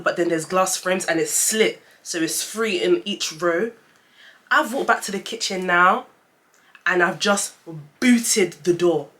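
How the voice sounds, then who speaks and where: Young woman, casual story-time vlogger, animated, talks straight to the audience. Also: medium pitch. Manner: chatty, animated storytelling, addresses viewers as guys.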